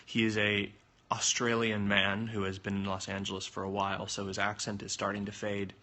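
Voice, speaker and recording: Young guy livestreaming on his phone, jokey and chatty, bright edgy voice, kinda low pitched. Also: completely flat delivery, a little fast. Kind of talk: casual livestream chat reading viewer comments.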